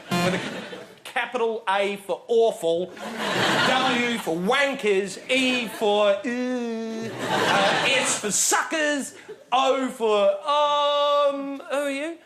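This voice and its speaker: A man ranting in a comic debate, excitable and rambling, with mock outrage. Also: high voice, slow pace, heavy background noise. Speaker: comedy panellist. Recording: studio audience laughing throughout.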